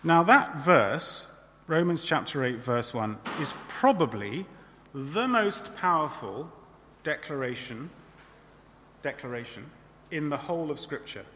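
Male preacher, chatty sermon, bright voice, long hall reverb. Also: on the high side, lively intonation, a little slow, slight background noise. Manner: conversational, with frequent tag questions.

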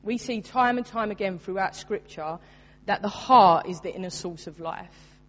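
A woman's voice: mid-range voice, moderate pace. A woman in her thirties preaching a sermon, earnest and emphatic, mixing scripture with her own story. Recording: long reverb in a large room.

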